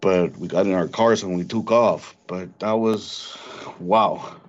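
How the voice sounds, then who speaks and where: A man recounting a frightening encounter in an interview, halting and repeating words as he tells it. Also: sits low, slight background noise. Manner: halting, repeats words when shaken, mimics animal sounds. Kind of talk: storytelling in an interview. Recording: dull lo-fi recording.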